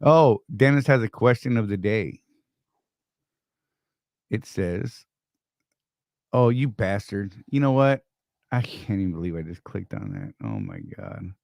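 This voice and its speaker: A man's voice: fairly low pitch, sing-song, unhurried, vocal fry, pauses often, a little mellow, no room sound, clean studio sound. An older man co-hosting a casual live stream, joking, teasing and greeting viewers by name.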